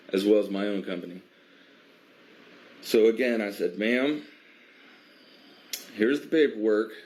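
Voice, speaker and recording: A man from a biker advocacy group recounting an incident in a measured way, with many pauses and fillers. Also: lowish voice, a little mellow. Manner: measured, filler-heavy, stops to restart. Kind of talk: recounting an incident, casual monologue.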